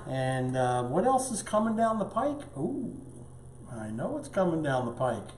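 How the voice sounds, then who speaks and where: A man's voice: on the high side, sing-song, measured pace, echoey room, a little hiss or hum. Chatty man hosting a cooking show. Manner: upbeat, chatty, talks with mouth full at times. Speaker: chef and cooking show host. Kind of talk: live cooking show chat. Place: home studio kitchen.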